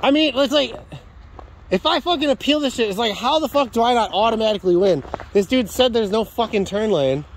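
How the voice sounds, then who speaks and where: A young man with a high, raised voice, ranting furiously about the way he was treated. He swears constantly and strings his complaints together in long, breathless run-ons, his anger never letting up. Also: a little fast, a little hiss or hum. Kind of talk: angry venting rant.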